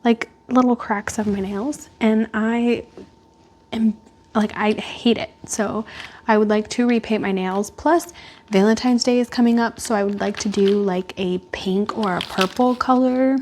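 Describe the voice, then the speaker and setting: Home vlogger, woman; unhurried, chatty and rambling, lots of fillers. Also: mid-range voice, steady tone, darkish tone, a little hiss or hum. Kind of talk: casual chat. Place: at home indoors by a glass door.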